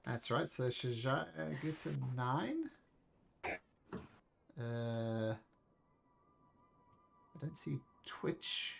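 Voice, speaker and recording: A man narrating a tabletop game as game master, animated, counting out moves and ruling on dice. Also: mid-range voice, very slow, vocal fry, pauses often, noisy background. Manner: animated, breaks into goblin voices, counts out movement. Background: faint music.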